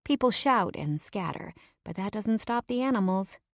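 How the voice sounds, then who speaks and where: A woman's voice: mid-range voice, lively intonation, normal speed, dry recording, studio quality. Woman narrating a romance audiobook. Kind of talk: first-person romance narration.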